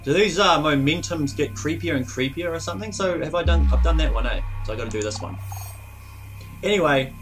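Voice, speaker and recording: A man hosting a let's play, cursing and reacting excitably as he plays. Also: fairly high pitch, fairly quick. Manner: profane, excitable running reactions. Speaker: gaming channel host. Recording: distant mic with loud game music. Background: game music.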